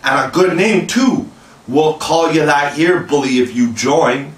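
A man's voice: on the high side, measured pace, roomy sound, recorded from a distance, voice pushed up, natural voice, low-quality recording. A man doing Captain Hook, roaring pirate. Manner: roaring, raised commanding shouts. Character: blustering menacing pirate captain, male adult.

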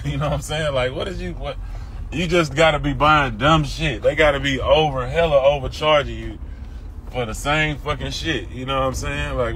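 A man's voice: mid-range voice, a bit bright. A man, talking casually and profanely on a phone livestream while he walks outdoors. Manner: loose, profane, drawling, laughs often. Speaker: livestream host. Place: outdoors by a car and parking lot. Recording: phone audio with faint street noise.

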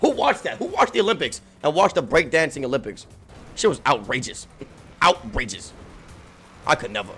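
A man giving frantic, profane gameplay commentary, yelling, laughing and trash-talking while he plays, his voice giving out. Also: mid-range voice, sing-song, moderate pace, pauses often, soft background music. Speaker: gaming streamer.

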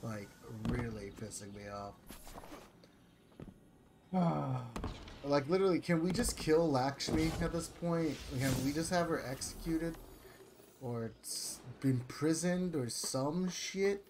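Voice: medium pitch, slow pace, background noise. A young adult gamer ranting angrily and swearing constantly during gameplay commentary, with sighs. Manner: frustrated, sighs and laughs. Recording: faint game music behind.

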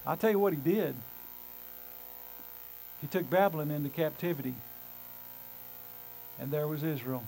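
A pastor preaching a sermon to his congregation in church. He talks with emphasis, moving between loud calls and hushed, low phrases. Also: normal speed, long pauses, slight background noise, rough recording. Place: church sanctuary.

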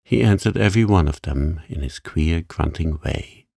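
A man reads a sleep story in a calm, gentle way. His voice is very low and gravelly, with a slow pace, and he is recorded close on a dry mic. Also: dry recording.

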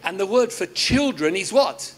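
A man's voice: sits high, lively intonation, normal speed. A man with an Australian accent preaching to his congregation, stammering into restarts, cracking jokes and quizzing the audience. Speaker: pastor. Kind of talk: lively sermon to a congregation. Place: church service.

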